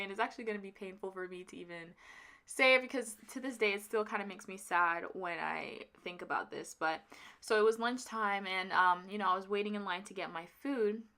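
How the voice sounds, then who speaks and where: A young woman with a bright, clear voice talks straight to her camera in a loose, rambling vlog. She is emotional and near tears, and she trips over her words and fills gaps with "um" and "like." Her pitch sits right in the middle. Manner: casual, rambling, with many fillers and restarts. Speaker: vlogger. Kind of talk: personal storytelling vlog.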